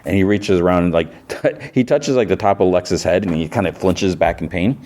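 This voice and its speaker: Deep-voiced man rambling through a recap. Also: fairly quick, a little mellow. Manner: rambling, filler-heavy retelling with chuckles. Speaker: podcast host. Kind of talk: casual episode recap.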